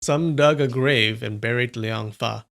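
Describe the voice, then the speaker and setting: A man's voice: medium pitch, unhurried, gravelly, a bit bright. A man reading a novel aloud on a live stream, with casual, chatty asides.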